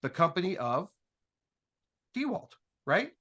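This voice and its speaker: Animated storytelling man, higher voice. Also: measured pace. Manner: animated, joking, acts out dialogue with restarts. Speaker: panel guest telling a startup story. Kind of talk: casual storytelling talk.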